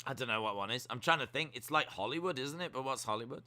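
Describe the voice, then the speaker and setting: A man's voice: mid-range voice, quick pace, pushed and bright. A man hosting a live wrestling watch-along, chatting in a rambling, playful way. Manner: rambling, playful, thinking aloud. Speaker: stream host.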